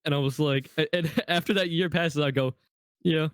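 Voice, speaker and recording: A young man co-hosting a podcast, chatting casually and cutting in with quick asides. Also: a little high, smooth, no room sound, studio quality. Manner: quick interjections, laughing asides. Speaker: podcast co-host. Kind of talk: casual chat.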